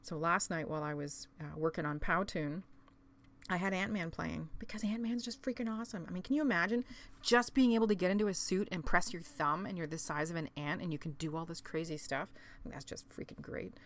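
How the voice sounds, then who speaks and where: A middle-aged woman from Canada, chatting casually to camera, rambling and full of quick asides. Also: lowish voice, steady tone. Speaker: vlogger.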